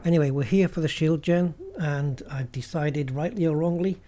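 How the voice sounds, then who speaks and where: A man's voice: fairly high pitch, normal speed, noisy background. A man hosting a gaming channel, chatting casually and thinking aloud as he plays. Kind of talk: casual gameplay commentary.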